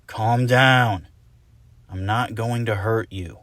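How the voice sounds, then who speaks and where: A man voicing a jumpy young male pony lighthouse keeper who shrieks high when scared. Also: fairly even intonation, slow, a bit bright, no echo. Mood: pleading. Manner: panicky high-pitched screaming when scared.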